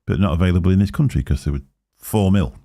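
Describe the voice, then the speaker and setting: Man, very low gravelly voice, dark and mellow, rambling casual chat, dry close sound. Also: fast, no room sound. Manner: rambling, self-correcting, chuckling. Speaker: co-host of a live vaping chat show.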